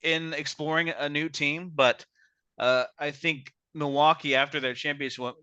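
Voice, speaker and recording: A man hosting a casual sports podcast, giving measured opinions with frequent restarts. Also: on the high side, steady tone, sharp tone, smooth, no room sound. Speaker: podcast host.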